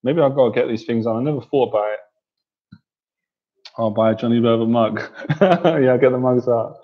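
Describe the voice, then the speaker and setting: A man's voice: mid-range voice, moderate pace, muffled recording. A man hosting a casual livestream, reading viewer comments and cracking up with laughter, sounding tired. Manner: giggly, keeps cracking up laughing. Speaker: livestream host and coach.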